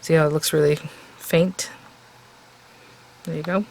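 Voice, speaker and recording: Talking a little slowly in a low, steady voice, a woman makes cards in a casual tutorial, chatting and reasoning aloud as she goes. She sounds somewhat tired, and the background is noisy.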